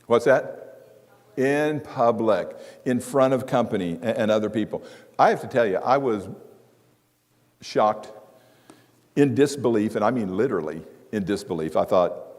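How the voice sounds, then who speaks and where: A man's voice: on the low side, darkish tone. A middle-aged man preaching a sermon on marriage to a church congregation, telling stories with humor. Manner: conversational storytelling with humor. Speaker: guest preacher. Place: church sanctuary. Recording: long hall reverb.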